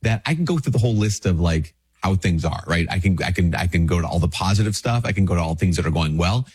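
Husky low-voiced priest with a cold. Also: male voice, lively intonation, fast, a little mellow. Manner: conversational, acts out little dialogues, repeats words. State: sick with a stuffy nose. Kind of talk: casual spoken reflection.

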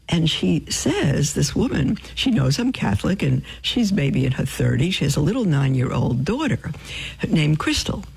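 A woman telling religious stories on the radio in an animated way, acting out what people said and dropping to a whisper for emphasis. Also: low voice, creaky, breathy edge, rough recording. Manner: animated storyteller who acts out quotes and drops to a whisper for emphasis. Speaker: radio guest asking for donations. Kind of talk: religious storytelling testimony.

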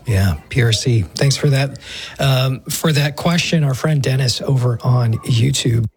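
A man hosting a podcast, relaxed as he reads listener questions aloud. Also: medium pitch, unhurried, husky. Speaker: host reading listener questions.

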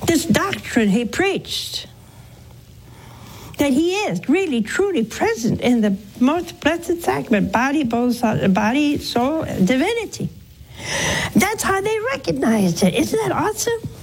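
A nun on a call-in program preaches in an earnest, coaxing way and keeps turning her points into questions for the listener. Her voice sits a little high, and she takes her time with every phrase. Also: sing-song, slow pace, poor audio. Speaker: nun hosting a call-in show. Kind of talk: preaching and counseling callers.

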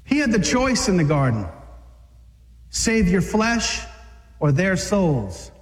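Fiery high-voiced preacher in a hall. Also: male voice, big pitch swings, slow pace. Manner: dramatic, acts out voices, shouts at peaks. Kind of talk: fiery sermon to men.

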